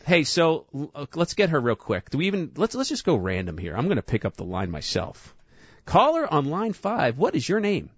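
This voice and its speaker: A man's voice: a little high, wildly swooping pitch, moderate pace, slightly rough, no echo. A man with a New York accent hosting a radio show, chatting casually and teasing his guests and callers. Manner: joking, teasing. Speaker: radio host. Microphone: studio microphone. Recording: slightly muffled dry studio sound.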